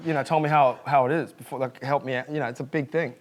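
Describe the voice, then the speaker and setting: A man's voice: medium pitch, fairly even intonation. A young Australian man, a comedian guest chatting casually and joking, laughing often and restarting sentences as he goes. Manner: giggly, quick restarts, jokey. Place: kitchen, cutting onions.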